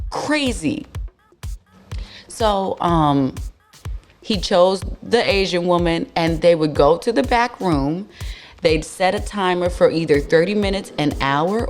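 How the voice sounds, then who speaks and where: A young woman hosting a podcast tells a story in a blunt, slangy, animated way. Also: on the low side. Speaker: podcast host. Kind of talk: casual storytelling monologue.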